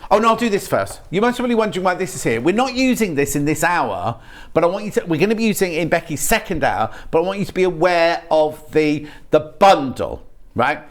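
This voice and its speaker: Chatty British shopping channel presenter. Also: male voice, fairly high pitch, sing-song, fairly quick. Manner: chatty, rambling sales patter with restarts. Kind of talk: live TV product demonstration. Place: TV studio.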